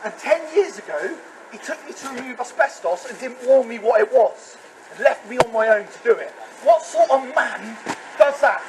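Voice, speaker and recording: A man's voice: extremely high pitch, animated, normal speed. A man, talking bluntly and swearing heavily in a confrontational way. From England. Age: 30s. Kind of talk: secretly recorded argument and chat. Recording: noisy hidden recording.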